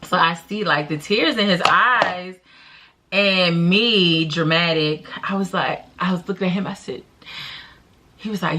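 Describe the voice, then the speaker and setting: Bright, animated young woman telling a story. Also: lowish voice, unhurried, slight background noise. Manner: animated, dramatic storytelling with loud laughs and hushed whispered asides. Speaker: vlogger. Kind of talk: casual storytime.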